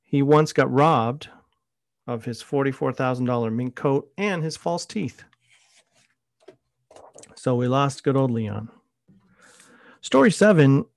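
A middle-aged man hosts a podcast in a casual, conversational monologue, drifting from one anecdote to the next. His voice sits in an ordinary middle pitch and sounds dry and close, with no room around it. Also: gravelly, dry recording. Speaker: podcast host.

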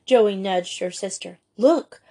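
A woman narrating a children's school story in an even, gentle reading voice. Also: mid-range voice, measured pace. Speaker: audiobook reader.

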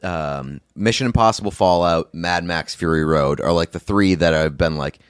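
Casting note: male host with a lowish voice, loose rambling talk, dry room. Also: normal speed, clean tone, no echo. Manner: rambling, filler-heavy, relaxed swearing. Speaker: podcast host. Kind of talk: casual chat.

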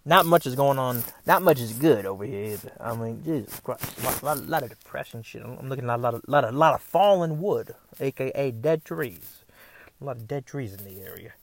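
Sitting in a parked car, a male vlogger talks sarcastically to the camera in a rambling, repetitive way, stammering and swearing frequently. His mid-range voice is a little fast with lively intonation and vocal fry, over slight background noise.

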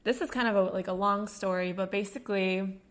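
A woman's voice: medium pitch, fairly even intonation, a little fast. A woman co-hosting a casual podcast, chatting loosely with lots of fillers and a morning voice. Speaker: podcast co-host. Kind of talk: casual chat. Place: home studio at a kitchen table.

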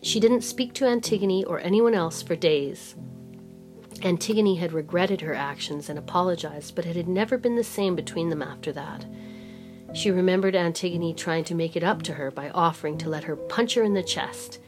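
A woman reading a story aloud as narrator in a measured, steady way. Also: on the low side. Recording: music playing underneath.

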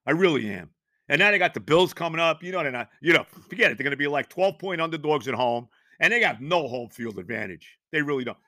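A man's voice: fairly high pitch, expressive, quick pace, pushed and bright, no room sound, studio quality. Fuming, foul-mouthed sports podcast man. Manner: fuming, profane, exasperated. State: worked up. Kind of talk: angry sports rant.

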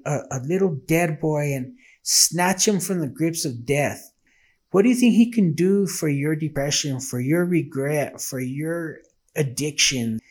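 A man's voice: fairly high pitch, darkish tone, breathy edge. A man telling his faith testimony in a casual, earnest and emotional way, acting out the dialogue he quotes.

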